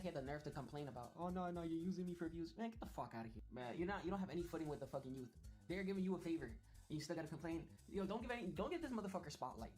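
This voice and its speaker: A man's voice: fairly high pitch, darkish tone. A man delivering a profane, mocking rant as casual commentary. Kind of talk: ranting commentary.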